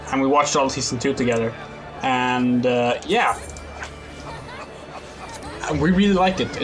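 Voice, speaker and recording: A man from Sweden chatting casually and rambling on stream while he plays a game. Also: mid-range voice. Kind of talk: casual chat while playing.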